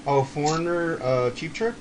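A middle-aged man co-hosting a podcast, chatting casually about rock bands in a relaxed, rambling way, with frequent chuckles. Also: on the high side, moderate pace, crowd noise. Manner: laid-back, rambling, chuckles often. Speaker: podcast co-host.

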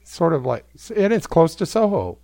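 Rambling, gravelly male host, animated storyteller, dry close mic. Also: on the high side, normal speed, no echo. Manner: rambling, self-amused, many fillers. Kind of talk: casual storytelling.

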